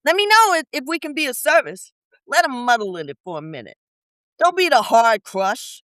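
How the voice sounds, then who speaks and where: A woman's voice: sits high, big pitch swings, moderate pace, a bit bright, no echo, low-quality recording. A woman business coach talking in a podcast interview, blunt and colloquial, firing off rhetorical questions with emphasis. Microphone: podcast studio mic.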